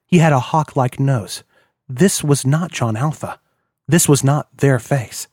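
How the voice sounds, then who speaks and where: A man's voice: mid-range voice, a little mellow, dry recording. Man narrating an audiobook, dry sound. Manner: measured, descriptive. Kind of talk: scripted narration.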